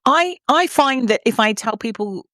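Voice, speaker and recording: A woman's voice: fairly high pitch, lively intonation, normal speed, sharp tone, no echo, clean studio sound. A woman opera singer co-hosting a casual podcast, with playful, self-mocking humor.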